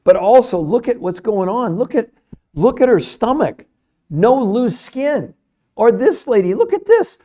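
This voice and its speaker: A man's voice: very high-pitched, sing-song, normal speed, warm tone. A middle-aged man hosting a live stream, talking to chat viewers in an emphatic, salesy way and repeating his points for effect. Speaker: livestream host, nutrition researcher.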